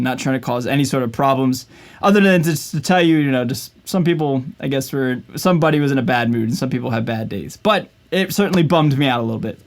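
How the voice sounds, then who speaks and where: A man talking casually to the camera at home in a vlog, upbeat and chatty and filling his talk with "man" and "like". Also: medium pitch. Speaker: vlogger and guitarist. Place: at home in his usual filming spot.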